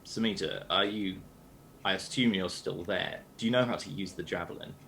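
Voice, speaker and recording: A man's voice: low voice, moderate pace, creaky, fairly bright tone, a little hiss or hum. A British man playing a tabletop game, thinking aloud with lots of hesitant fillers. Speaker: player.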